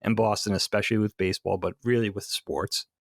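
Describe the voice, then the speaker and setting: Gravelly-voiced man hosting a podcast. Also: lowish voice, brisk, no echo, studio quality. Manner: relaxed, chatty, steers the conversation. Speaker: podcast host. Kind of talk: casual podcast chat.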